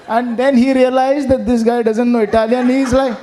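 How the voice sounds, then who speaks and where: A man's voice: very high voice, moderate pace, few pauses. A man, a tour manager, telling a funny story at a farewell event, laughing often and acting out the dialogue. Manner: laughing, animated anecdote-telling with acted-out dialogue. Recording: online webinar audio.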